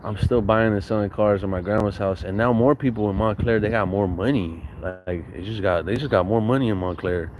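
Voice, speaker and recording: A man with a lowish voice tells a loose, rambling story. His talk is full of street slang and swearing, and he often restarts a thought midway. The delivery stays relaxed and conversational throughout. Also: brisk, few pauses, slight background noise, rough recording. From San Bernardino, Southern California. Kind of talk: casual storytelling.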